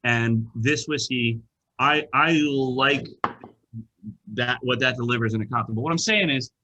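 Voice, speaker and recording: Lively bright-voiced man hosting a tasting. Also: mid-range voice, a little hiss or hum, rough recording. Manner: animated, self-interrupting, lots of restarts. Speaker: wine shop co-host. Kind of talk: casual tasting chat on video call. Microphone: video call.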